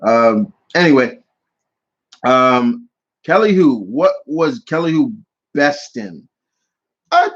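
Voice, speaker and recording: A man's voice: on the high side, lo-fi sound. A man casually answering viewer questions on his channel, rambling with many restarts and fillers. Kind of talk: casual live Q&A chat.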